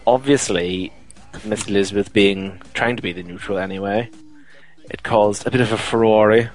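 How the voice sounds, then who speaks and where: A man's voice: fairly low pitch, normal speed, soft background music, rough recording. A man co-hosting a casual podcast, telling stories with lots of fillers. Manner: chatty, steady storytelling with many fillers. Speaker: podcast co-host. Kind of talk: casual chat.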